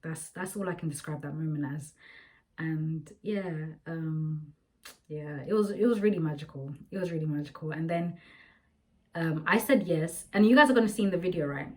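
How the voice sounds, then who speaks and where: Young woman vlogging, rambly and chatty, says like a lot, voice sits a bit low. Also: normal speed, poor audio. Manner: chatty, rambling, full of "like" fillers. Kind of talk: casual storytelling to camera.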